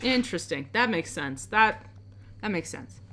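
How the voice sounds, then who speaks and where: A woman playing a wry, unimpressed investigator who reports findings in a flat, matter-of-fact way. The voice rings bright and forceful. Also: medium pitch, measured pace. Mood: dry.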